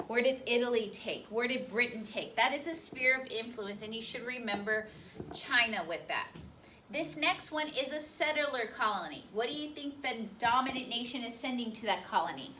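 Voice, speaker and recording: A woman with a slightly high, bright and forceful voice teaches a high school history class, peppering her students with rapid questions. The classroom recording is distant, with faint noise.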